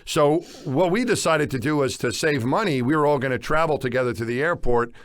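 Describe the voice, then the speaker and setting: Animated man with a dry close sound. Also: a little high, a little fast, no room sound. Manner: lively, animated recounting of stories. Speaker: podcast co-host. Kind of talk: casual storytelling chat.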